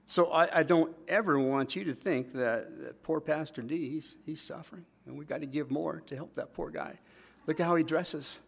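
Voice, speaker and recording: A man pastor preaching a sermon, acting out quotes with lively asides. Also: fairly high pitch, normal speed, gravelly, slightly rough.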